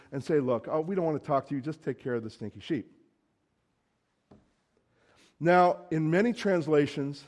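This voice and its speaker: A man's voice: a little high, a little mellow. A man preaching a sermon in a conversational, emphatic way, acting out quoted lines.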